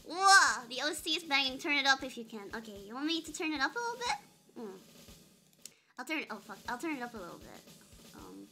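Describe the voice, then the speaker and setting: Bright, bubbly young woman streamer. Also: sits high, huge pitch swings, brisk, faint music behind. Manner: playful, giggly, reads chat aloud. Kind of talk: casual live-stream chat.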